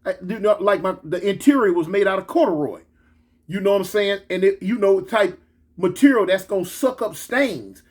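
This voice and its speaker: A man telling a story in a casual, slangy, animated way. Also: high-pitched, normal speed, slightly rough. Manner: animated, slangy, switches into excited quoted voices.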